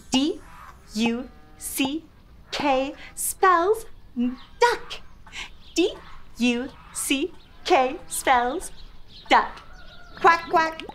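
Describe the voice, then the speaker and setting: A young woman hosting a toddler learning show, speaking in an exaggerated sing-song way, making animal noises and spelling words out slowly. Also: high voice, a bit bright, slight background noise. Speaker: children's show host.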